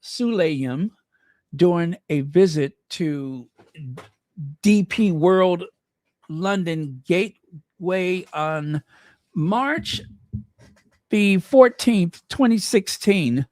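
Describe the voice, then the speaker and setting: A man's voice: sits high, drawn-out words, long pauses, a little mellow, no echo, studio quality. A man hosting a commentary channel, reading news aloud with chatty, sarcastic asides to his viewers. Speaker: royal commentary channel host.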